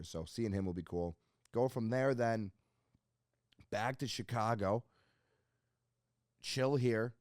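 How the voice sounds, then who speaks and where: A man's voice: medium pitch, a little mellow, no echo, clean studio sound. A young man hosting a casual solo podcast, rambling and joking with plenty of swearing, self-mocking while stuck in a hot costume. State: in a hot Halloween costume with gloves. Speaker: podcast host. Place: home podcast setup with laptop.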